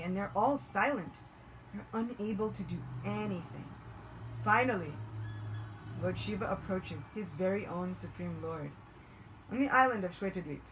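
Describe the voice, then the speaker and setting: A woman narrating a devotional story in an animated, expressive way. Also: mid-range voice, moderate pace, slight background noise, rough recording.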